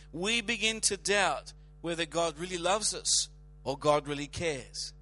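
A man preaching a sermon with dramatic, emphatic delivery, slowing to draw out words and swelling in volume. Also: high-pitched, bright, forceful tone, dry recording.

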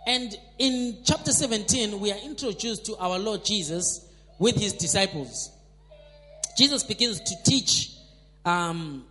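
Guy preaching a sermon, real high voice, bouncy lively delivery, keeps asking the crowd to say amen, echoey church. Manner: emphatic, repetitive, calls for congregation responses. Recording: long hall reverb.

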